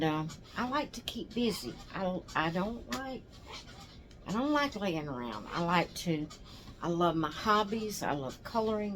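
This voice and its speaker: Older female vlogger, exhausted and rambling, slightly low pitch, faint background noise. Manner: rambling, tired, yawning. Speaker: doll channel host. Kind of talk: casual chat to camera.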